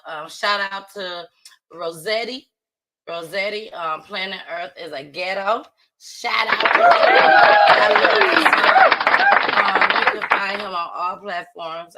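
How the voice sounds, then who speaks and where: A woman hosting a casual livestream talk show, playful and slangy, often laughing and talking loudly. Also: fairly low pitch, heavy background noise. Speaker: host.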